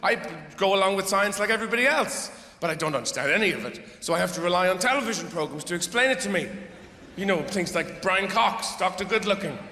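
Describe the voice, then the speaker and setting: Un humoriste d'âge mûr, voix assez aiguë, ton exaspéré et décousu, dans une salle réverbérante pleine de bruit. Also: male voice, high voice, expressive, fast talker, pushed and bright. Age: middle-aged. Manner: rambling, profane, exasperated. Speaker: stand-up comedian. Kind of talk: live stand-up comedy. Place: theatre stage. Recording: echoey hall with crowd noise.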